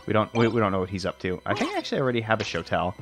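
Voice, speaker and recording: A man's voice: lowish voice, wildly swooping pitch, rapid-fire. A man from Texas giving rambling, filler-heavy, self-deprecating commentary while he plays a video game. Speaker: let's play commentator. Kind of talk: casual gameplay commentary. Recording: game music playing under the voice. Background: game music.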